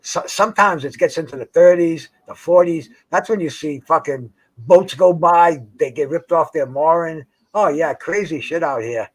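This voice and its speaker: A man's voice: fairly high pitch, normal speed, few pauses, husky. Rambling, profane older man. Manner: rambling, profane, stumbling restarts. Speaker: host. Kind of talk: casual chat. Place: outdoors by a dock on the water.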